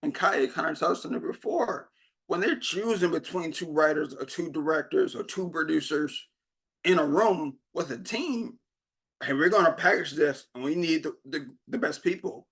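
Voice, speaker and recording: A man's voice: fairly high pitch, moderate pace, fairly bright tone, slightly rough. Storytelling young man giving a keynote. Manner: storytelling, acting out quoted dialogue. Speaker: keynote speaker. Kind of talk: motivational keynote talk.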